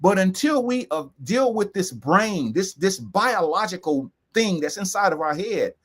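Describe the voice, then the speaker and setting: An emphatic man in co-hosts a serious talk, voice pitched high. He drives points home by repeating key phrases slowly. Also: lively intonation. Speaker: co-host. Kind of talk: earnest discussion.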